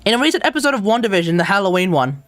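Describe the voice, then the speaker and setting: A woman live streamer in casual chat, ranting in an animated way and laughing often. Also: medium pitch, very fast, dry recording, faint music behind.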